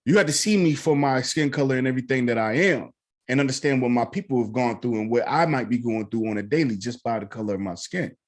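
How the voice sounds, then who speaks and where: A man's voice: mid-range voice, fast. A man co-hosting a podcast, speaking in casual chat that is earnest, lecturing and profane.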